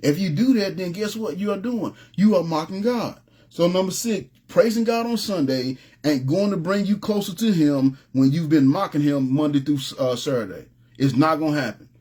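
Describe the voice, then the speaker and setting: A man preaching an informal sermon, telling stories in a relaxed, streetwise way and often asking "you know what I'm saying". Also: on the high side, moderate pace, slightly rough. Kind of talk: conversational sermon with storytelling.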